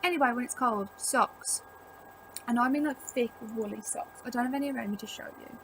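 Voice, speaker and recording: A woman's voice: fairly high pitch, brisk, a little hiss or hum, low-quality recording. A young woman chatting casually to camera at home, rambling with lots of "like" as she gives tips. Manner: rambling, chatty, filler-heavy with frequent "like". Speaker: vlogger. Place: at home indoors.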